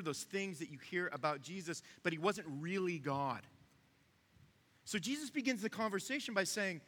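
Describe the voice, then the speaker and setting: A man's voice: fairly high pitch, lively intonation, moderate pace, pushed and bright, long reverb tail. A man preaching a sermon in a conversational way, talking straight to his listeners. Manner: conversational, asks the room to follow along. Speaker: pastor.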